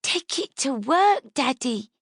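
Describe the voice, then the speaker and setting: A woman's voice: big pitch swings, slow pace, gravelly, no echo, studio quality, exaggerated voice. A woman doing a proud tiny girl. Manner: high, bright childlike chirping. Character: small proud little girl.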